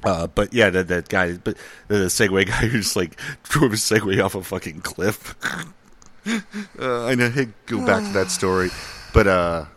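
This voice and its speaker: A man's voice: deep voice, normal speed, fairly bright tone. A man from Minnesota co-hosting a casual podcast, rambling and profane, laughing often and filling gaps with "uh" and "um". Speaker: podcast co-host. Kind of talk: casual chat.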